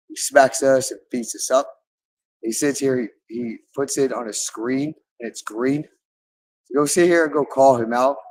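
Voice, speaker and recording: Guy rambling on and on, looping the same phrases, lots of swearing, average pitch. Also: poor audio. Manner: repetitive, loops phrases over and over; profane, with frequent swearing. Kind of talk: rambling spoken monologue.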